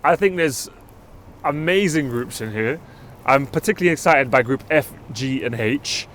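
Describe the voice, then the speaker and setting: A man with a London accent co-hosting a casual football chat, relaxed, leading segments and talking to viewers. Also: mid-range voice, normal speed, a little hiss or hum. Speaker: podcast co-host.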